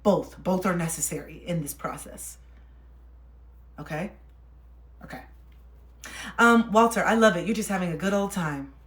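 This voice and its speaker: A woman's voice: lowish voice, normal speed, long pauses. A young woman chatting casually on a livestream while reading cards for viewers, laughing often and soothing when she reassures. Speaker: livestream card reader. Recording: roomy echo.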